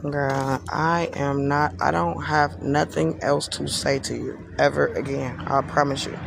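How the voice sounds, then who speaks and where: A man's voice: on the high side, fairly even intonation, unhurried, creaky, noisy background. A man on a live stream, sarcastically repeating himself in an exasperated rant at someone who accused him.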